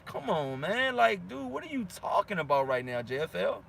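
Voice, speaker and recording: Answering viewer comments in a heated rant, this boxing channel host is fired-up and slangy and repeats himself for emphasis. He has a high-pitched, gravelly, fairly bright voice with big pitch swings, speaking at a moderate pace.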